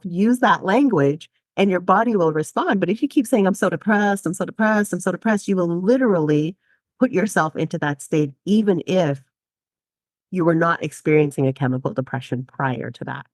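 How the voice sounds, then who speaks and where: In a lowish voice with no echo, a woman psychotherapist chats on a podcast as an interview guest. She's lively, laughs a lot, and performs the voices of people she quotes.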